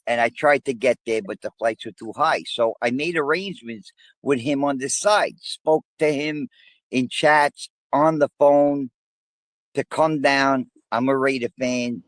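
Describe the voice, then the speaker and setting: A man's voice: medium pitch, unhurried, dry recording, rough recording. A man telling a story on a casual chat show, with profanity and restarts.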